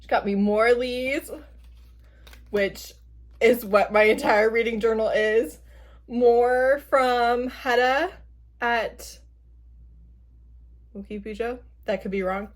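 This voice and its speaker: Woman book vlogger, gushing home vlog, slow unhurried talk, slightly high voice, laughs a lot. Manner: gushing, excitable, laughs often. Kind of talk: casual day-in-the-life vlog. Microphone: camera at an odd angle without tripod.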